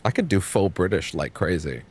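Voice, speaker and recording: A man's voice: sits low, sing-song, moderate pace, husky. A young man giving casual, rambling commentary while streaming a game, swearing offhandedly.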